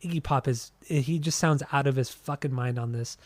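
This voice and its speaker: A young man co-hosts a podcast, chatting casually about an album in a medium-pitched, darkish voice at normal speed. He restarts often and swears casually, and the recording is dry.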